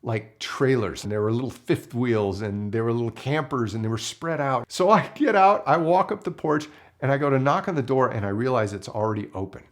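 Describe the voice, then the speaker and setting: A filmmaker telling a story to camera in an animated way and acting out the people in it. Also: male voice, mid-range voice, fairly quick.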